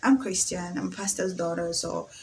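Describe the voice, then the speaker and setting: A woman's voice: fairly low pitch, level tone, moderate pace, creaky, a little hiss or hum. Emotional young woman vlogger from Zambia. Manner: chatty, emotional, laughs often, fills with "like". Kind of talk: casual confessional vlog.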